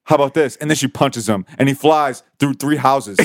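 A man's voice: medium pitch, dry recording, clean studio sound. A man co-hosting a casual movie discussion, repeating fillers and acting out quotes. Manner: lively, repeats filler words, acts out quotes. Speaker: podcast co-host.

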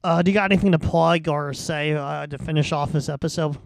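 A man's voice: on the high side, steady tone, fairly quick, creaky, dry recording. A man hosting a podcast, giving short reactions and plugging the show. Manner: brief reactions, plugs the show. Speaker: podcast host. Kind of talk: casual chat.

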